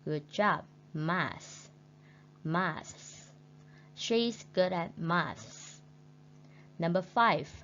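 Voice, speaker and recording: A woman teaching English with a Vietnamese accent, speaking very slowly and patiently in a fairly low voice. She repeats each new word for her students. The recording sounds dull and lo-fi, with a faint hum underneath. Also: fairly bright tone. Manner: slow, patient, repeats words for learners. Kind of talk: recorded classroom lesson.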